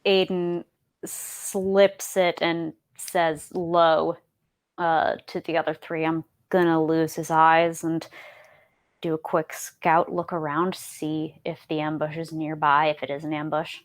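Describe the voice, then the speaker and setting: A woman describing her character's actions in a tabletop game, quiet and matter-of-fact. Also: low-pitched, little pitch movement, slow pace. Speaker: player. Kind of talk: tabletop role-play narration.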